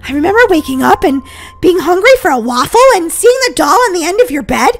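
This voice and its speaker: A woman voicing Molly, a young girl who is excitable, jumpy and easily spooked, in a roleplay story. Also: very high voice, fast. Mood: rambling. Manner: excitable, shrieks when scared.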